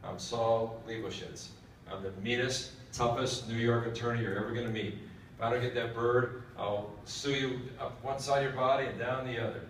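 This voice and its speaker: A big, brash lawyer, put on by a man, blusters and throws his weight around. The mid-pitched voice sounds distant and echoey, with faint room noise. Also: steady tone, moderate pace, fairly bright tone, lightly acted. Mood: blustering. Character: big brash male big-city lawyer, bullying. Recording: echoey hall from far off.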